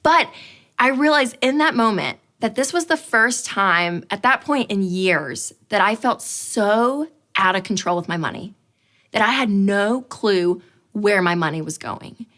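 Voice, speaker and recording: A woman in her thirties teaching a money course, telling a personal story with lively acted-out quotes. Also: medium pitch, measured pace. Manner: animated storyteller, acts out quotes. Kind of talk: storytelling talk to an audience.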